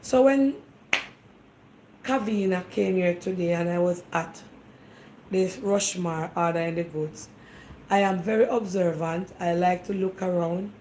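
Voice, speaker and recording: A woman's voice: fairly low pitch, a little slow, pauses often, mellow, a little hiss or hum, rough recording. A woman with a Jamaican accent hosting a casual talk show. She speaks straight to her viewers in an emphatic, insistent way and keeps firing questions back at them. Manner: emphatic, fires rhetorical questions at listeners; speaks directly to the audience, defensive and insistent.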